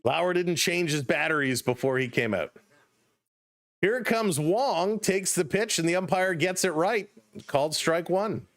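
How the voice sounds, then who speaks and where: A man with a Canadian accent calling a baseball game live as a stream host, chatting with viewers between pitches. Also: fairly bright tone. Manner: chatty, reads viewer chat and laughs often. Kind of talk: casual play-by-play commentary.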